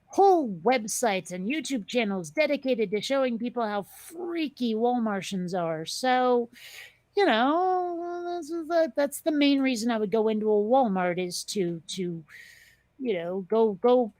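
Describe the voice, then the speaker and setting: A woman's voice: fairly high pitch, expressive, a little slow, a little mellow, dry recording. A woman hosting a casual chat show, talking in a rambling, chatty way with lots of fillers and restarts. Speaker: podcast host.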